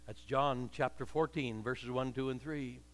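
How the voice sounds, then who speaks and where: A man's voice: mid-range voice, steady tone, unhurried. An older man preaching a sermon with impassioned, repetitive cadences, heard with long reverb in a hall.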